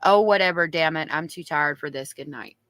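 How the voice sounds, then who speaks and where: A woman's voice: low voice, brisk, a bit bright, dry recording. Southern woman reading on a live stream. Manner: chatty, reads diary aloud and reacts to chat. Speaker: true crime streamer.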